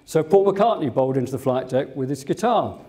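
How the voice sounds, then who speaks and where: A man's voice: a little high, animated, brisk, mellow. An older English man, a former airline captain, giving a museum talk full of fond anecdotes and fillers. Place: museum lecture room.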